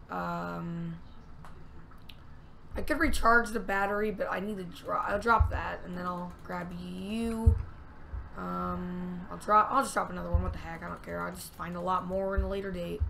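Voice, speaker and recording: A woman giving chatty let's-play commentary, narrating every move to herself and getting excitable. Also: mid-range voice, creaky, slight background noise. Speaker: gamer.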